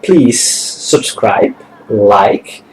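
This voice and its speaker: A man hosting a let's play, talking through a game in a relaxed, hesitant way with fillers. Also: on the low side, very slow, a little hiss or hum, rough recording. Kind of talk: casual gameplay commentary.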